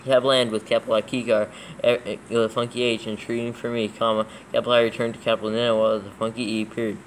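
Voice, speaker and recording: A man reads scripture aloud for proofreading, steadily dictating and calling out each capital and punctuation mark. His mid-range voice is level and fast, and the low-quality recording has a little hiss or hum.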